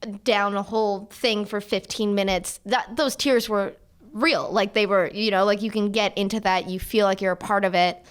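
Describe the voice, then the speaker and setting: A woman in her twenties, an actor talking casually as a podcast guest, animated and full of fillers. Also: mid-range voice, clean tone. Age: 20s. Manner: animated, quick bursts, many fillers. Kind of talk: casual chat.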